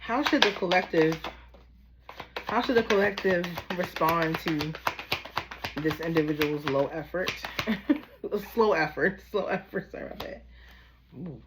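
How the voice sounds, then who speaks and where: A woman's voice: on the low side, a little slow, long pauses, background noise. A woman from Baltimore with a Baltimore accent, giving a casual, chatty tarot reading straight to her viewers in a familiar, easygoing way. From Baltimore, USA. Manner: chatty and familiar, calls listeners "y'all" and "baby". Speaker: tarot reader.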